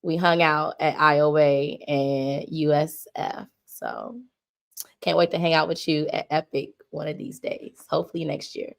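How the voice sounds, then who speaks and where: Livestream host, woman, slow preacherly delivery, emotional and homey. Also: sits low, vocal fry. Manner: homey and emotional, slipping into churchy cadence. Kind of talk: mock funeral tribute on a livestream.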